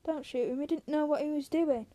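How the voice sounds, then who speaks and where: A worried, loyal ranch man speaks weakly and pleads in a storybook reading, as voiced by a woman. Her voice is high and mellow. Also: fairly even intonation, brisk, natural voice. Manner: weak, pleading.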